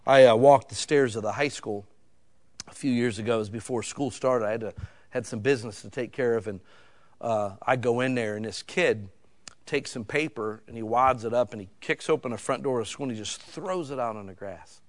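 A middle-aged man, preaching a sermon in a folksy storytelling way, swinging from loud emphatic lines to hushed ones. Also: mid-range voice, fairly quick. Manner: folksy, casual wording.

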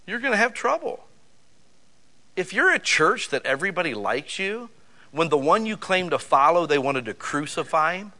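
A man preaching a sermon, telling folksy stories with lots of rhetorical questions and asides like "you know" and "man.". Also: fairly high pitch. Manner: animated storytelling with rhetorical questions. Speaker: pastor.

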